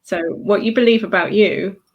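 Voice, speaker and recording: A woman hosts a podcast interview in a mid-range voice. She affirms her guest warmly and asks questions. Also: medium pitch, normal speed, dull audio. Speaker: podcast host.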